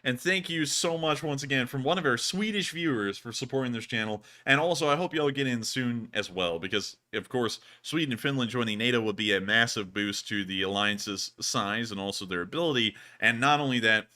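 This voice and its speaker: A man's voice: mid-range voice, fairly quick, few pauses, pushed and bright. A man hosting a casual livestream chat, talking in a drawling, folksy way while feeling unwell. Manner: drawling, folksy, repeats thank-you phrases. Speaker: livestream host.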